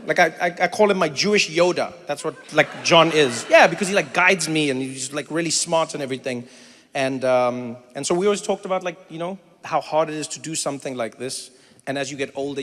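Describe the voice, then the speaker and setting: A South African man in his thirties works the crowd from a theater stage. His voice is high and bright, and it keeps breaking into loud impressions. A long hall reverb and faint audience noise sit behind him. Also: fast. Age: 30s. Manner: animated, jumps into high shouted impressions. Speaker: stand-up comedian. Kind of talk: stand-up crowd work.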